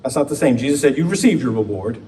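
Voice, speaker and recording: A man, a pastor, preaching a conversational sermon with playful asides and slow emphatic pauses in a church. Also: mid-range voice, lively intonation, mellow. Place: church sanctuary. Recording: distant mic with faint background noise.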